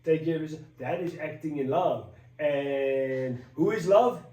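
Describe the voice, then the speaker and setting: A man talking in a casual devotional vlog, animated and a bit preachy, rambling with restarts. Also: on the high side, a little slow. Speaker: vlogger. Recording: roomy echo, mic at a distance.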